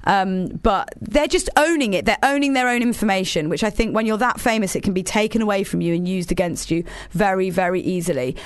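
A woman's voice: mid-range voice, a little fast, few pauses, no echo. Woman radio host, chatty and rambling, enthusiastic, dry studio sound. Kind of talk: casual radio chat.

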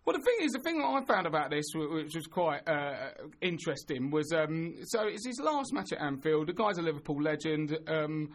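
A man's voice: fairly high pitch, animated, fairly quick, few pauses. A man, co-hosting a casual chat show and joking as he rambles through stories. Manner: jokey, rambling, slips into silly voices. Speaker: podcast co-host.

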